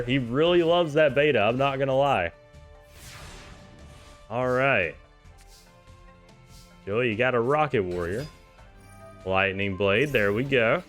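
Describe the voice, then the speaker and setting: This medium-pitched man gives loose, excited commentary on a card game tournament, laughing frequently and rooting for the players.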